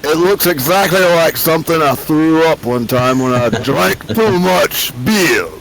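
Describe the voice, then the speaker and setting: A man's voice: on the high side, normal speed, a bit bright, slight background noise, rough recording. A man cracking jokes and rambling in casual chat on a game stream. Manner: joking, rambling. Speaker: stream guest.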